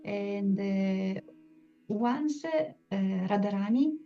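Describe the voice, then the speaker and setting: Woman telling a devotional story, mellow. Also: medium pitch, animated. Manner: halting, many fillers and restarts. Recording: dull lo-fi sound, soft music behind.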